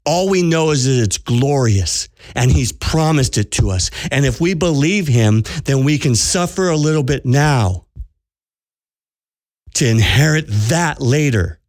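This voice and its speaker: Earnest and urgent, a spiritual coach hosting a podcast preaches to listeners, often repeating phrases for emphasis. His medium-pitched voice is unhurried with lively intonation, heard in clean studio sound with no echo.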